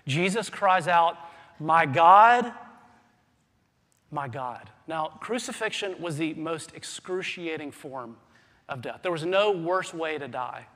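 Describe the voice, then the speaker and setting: A man preaching a sermon as pastor, swinging between hushed, quiet passages and loud, urgent emphasis. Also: fairly high pitch, a little slow. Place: church sanctuary. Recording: long hall reverb.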